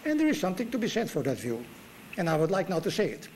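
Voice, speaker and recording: A man's voice: sits high, huge pitch swings, quick pace, a little mellow, a little hiss or hum, poor audio. A man giving a classroom lecture as guest lecturer in a university lecture room, with dry wit and emphatic rises.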